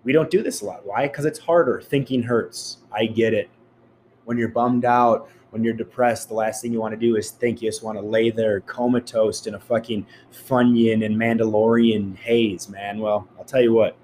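A man's voice: fairly low pitch, steady tone, normal speed, a little mellow, slight background noise. A man giving a blunt, profane motivational rant, speaking straight to his listeners.

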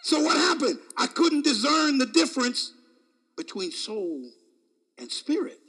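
A man preaching with a high, bright voice that leaps up and down across a wide range. His delivery is dramatic, moving from near-shouts to hushed asides, with frequent chuckles between phrases. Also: big pitch swings, a little slow. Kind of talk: sermon.

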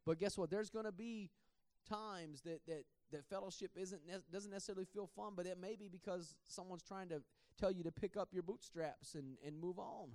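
Male preacher, high-pitched, conversational sermon with self-deprecating laughs, dry sound. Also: normal speed, few pauses, a little mellow, no room sound. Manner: conversational, repeats words, laughs at himself.

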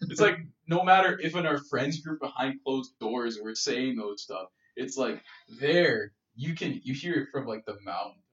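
A Canadian man chatting on a podcast, laughing along and trying out quick impressions. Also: mid-range voice, expressive, a bit bright. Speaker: podcast co-host. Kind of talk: casual chat. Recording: roomy and dull-sounding.

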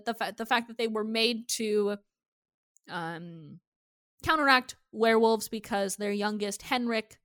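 Woman podcast co-host, slightly high voice, casual and profane, dry recording. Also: a bit bright, no echo. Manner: chatty, swears freely, acts out quotes. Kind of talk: casual TV recap chat.

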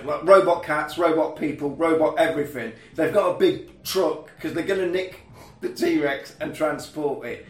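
A man's voice: on the high side, roomy sound, distant mic. A man casually retelling a film's plot in long, chatty runs as a podcast co-host. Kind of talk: casual film recap chat.

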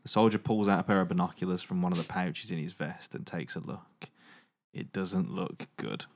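A man's voice: sits low, moderate pace. A man hosting a comedy podcast, reading a choose-your-own-adventure story aloud with dramatic narration broken by jokes.

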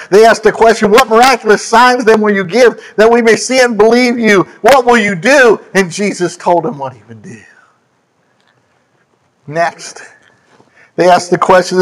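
A high-voiced man delivers a sermon. He leans hard on single words and sweeps from loud, high lines down to hushed low ones, stopping now and then to fix a verse number. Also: moderate pace, rough recording. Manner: emphatic, swooping between high and low; scripture quotes and self-corrections. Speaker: preacher.

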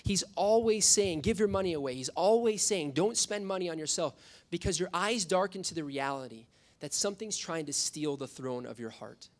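A man's voice: a little high, normal speed, few pauses. A young adult man preaching a sermon as a youth pastor, telling stories with acted-out quotes. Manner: storytelling, animated with acted quotes.

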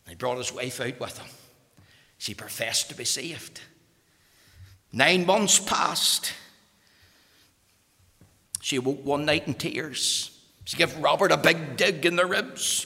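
A Northern Irish man preaching a sermon, impassioned and moving from loud urgency to hushed intensity. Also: a little high, sing-song, normal speed, vocal fry, husky, long reverb tail.

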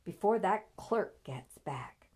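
A woman's voice: mid-range voice, animated, normal speed, mellow, slightly rough. A woman voicing a snobbish young woman with an artificially elegant, affected way of talking, pressing her sister to hurry. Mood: urgent.

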